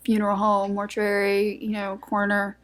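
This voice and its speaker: A woman's voice: mid-range voice, completely flat delivery, normal speed. A woman co-hosting a true-crime podcast in casual chat, emotional and outspoken, with the odd curse word. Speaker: podcast co-host.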